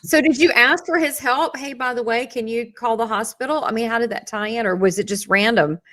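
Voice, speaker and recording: Woman host jumping in a lot, animated, bright sharp voice. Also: on the high side. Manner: animated, quick to chime in and laugh. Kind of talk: interview.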